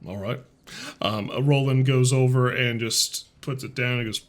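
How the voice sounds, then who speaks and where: A man's voice: mid-range voice, fairly even intonation, a little slow. A man narrating as game master in a tabletop game, casual and amused, with many fillers.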